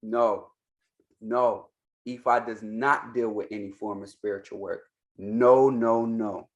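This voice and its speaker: A man's voice: lowish voice, fairly even intonation, unhurried, muffled recording. A man, an Ifa priest, giving insistent reaction commentary and hammering his points home by repeating them.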